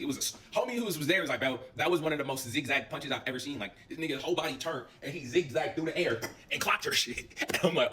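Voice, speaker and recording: A young man casually telling a story, animated and full of slang and swearing. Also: on the high side, far from the mic, slight background noise.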